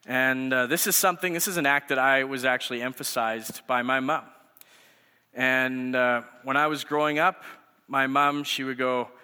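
A man's voice: mid-range voice, fairly even intonation, normal speed, bright, forceful tone, smooth. A man in his thirties, a youth pastor, giving a sermon through conversational storytelling. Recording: echoey hall reverb.

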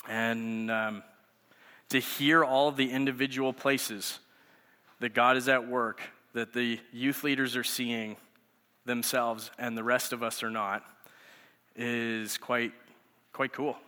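Bright-voiced man preaching in an echoey hall. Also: mid-range voice, level tone, slow pace, pauses often, clean tone. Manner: conversational storytelling. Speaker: youth pastor. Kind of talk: sermon.

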